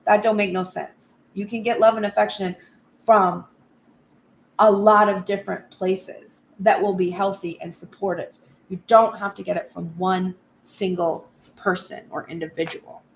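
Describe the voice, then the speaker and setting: A woman giving a casual spoken tarot reading, animated and blunt, swearing freely and acting out pleading voices. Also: mid-range voice, unhurried, vocal fry, a little hiss or hum. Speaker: tarot reader.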